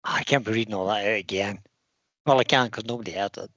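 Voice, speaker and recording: A man's voice: on the low side, fast, a bit bright, no room sound, lo-fi sound. A man hosting a casual livestream, reading out long lists of viewer names and laughing easily. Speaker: livestream host.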